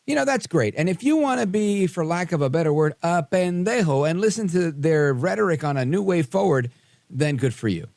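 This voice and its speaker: Brief: gravelly, dry-sounding talk radio host, casual and sarcastic, heavy on "uh" fillers. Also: male voice, a little high, expressive, brisk, a little mellow, dry recording. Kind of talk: live talk radio commentary. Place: radio studio.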